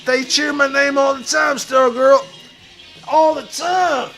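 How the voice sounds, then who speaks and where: A man playing a crude, boastful washed-up pro wrestler who talks about himself in the third person and shouts his lines. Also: very high-pitched, fairly even intonation, takes it slowly, soft background music, exaggerated voice. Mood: swaggering bravado. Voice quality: gravelly, shouty bravado. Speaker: streamer in character. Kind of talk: improvised comedy stream.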